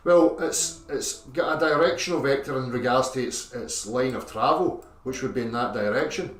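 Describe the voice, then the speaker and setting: A man's voice: medium pitch, moderate pace, fairly bright tone, slight background noise. A man explaining a theory step by step in a lecture style, constantly checking in with "okay?" and "right?". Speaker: video presenter. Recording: echoey, distant clip with music.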